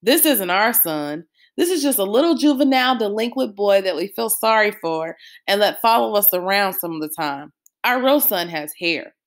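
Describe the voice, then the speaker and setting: A woman's voice: mid-range voice, animated, moderate pace, natural voice. A woman doing a cheeky little girl. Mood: teasing. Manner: mock-serious teasing. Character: cheeky little girl teasing her brother.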